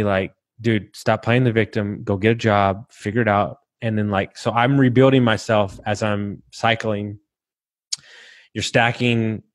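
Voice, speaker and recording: A man in his thirties telling his own story on a podcast, rambling and halting, swearing freely and emotional at times. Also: mid-range voice, no echo. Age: 30s. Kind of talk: candid personal storytelling.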